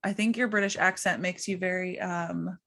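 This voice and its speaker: A woman's voice: fairly low pitch, fairly even intonation, normal speed, bright, forceful tone. An American woman hosting a podcast, talking in a rambling, casual way. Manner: rambling, many fillers and restarts. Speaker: podcast host. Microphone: laptop.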